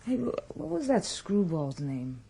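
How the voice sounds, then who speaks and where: An actress playing a middle-aged New York wife, rueful and wistful, in a radio drama. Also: female voice, on the low side, big pitch swings, a little slow, gravelly, a crowd in the background, full character voice.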